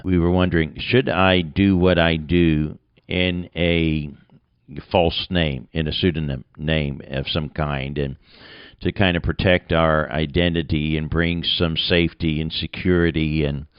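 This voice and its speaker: An American man with a very low, deep voice delivers an earnest, plain-spoken radio sermon. He talks straight into a close mic in a dry room with no echo. The sound is dull and lo-fi. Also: steady tone, measured pace, clean tone. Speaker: radio broadcaster and preacher.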